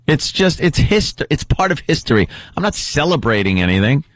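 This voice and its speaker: A man co-hosting a radio show, telling animated stories full of laughter and quoted voices in casual banter. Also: a little high, normal speed, no echo.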